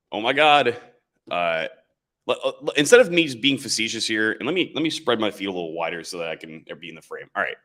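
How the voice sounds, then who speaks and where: A man's voice: on the low side, sharp tone. A man hosting a casual livestream, reading chat comments and rambling sarcastically, calling his viewers boys. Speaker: livestream host. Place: indoors, standing in camera frame.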